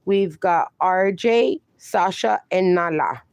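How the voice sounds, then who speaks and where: A woman hosting a casual phone livestream at home, chatting warmly with viewers and calling them darling and honey. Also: fairly low pitch, takes it slowly, gravelly, no room sound. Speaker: livestream host. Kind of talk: casual livestream chat, reading chat aloud.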